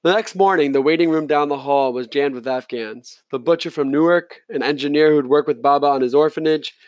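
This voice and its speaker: A man reading an audiobook in steady, first-person narration. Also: on the high side, clean tone, no room sound.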